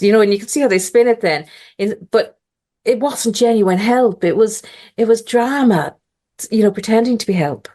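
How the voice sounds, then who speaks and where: A middle-aged woman, a podcast guest telling a personal story in a lively conversational way. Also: mid-range voice, normal speed. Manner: animated, mimics others' voices in quotes.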